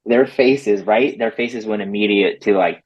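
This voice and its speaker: Speaking unhurriedly in a fairly low voice, this dog trainer recounts a story during a relaxed interview, and the recording has its highs cut off. He's animated, voicing other people's lines with plenty of "like" thrown in.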